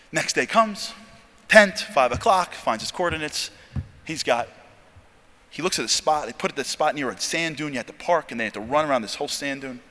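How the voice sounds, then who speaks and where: Forceful male storyteller, echoing hall. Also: fairly high pitch, a little fast. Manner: animated, acts out dialogue. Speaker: convention speaker. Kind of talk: dramatic storytelling talk. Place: large convention hall. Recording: long hall reverb.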